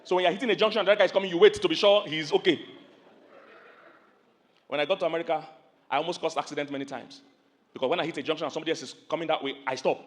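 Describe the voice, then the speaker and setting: A middle-aged Nigerian man preaches with a high, lively voice. He tells animated stories, calls questions out to his listeners and acts out loud voices as he goes. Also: rapid-fire, pauses often. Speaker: pastor. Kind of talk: sermon.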